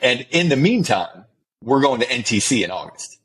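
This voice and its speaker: A middle-aged man telling stories as a podcast guest, animated and profane, acting out the dialogue. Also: mid-range voice, moderate pace, slight background noise, low-quality recording. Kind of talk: casual storytelling in conversation.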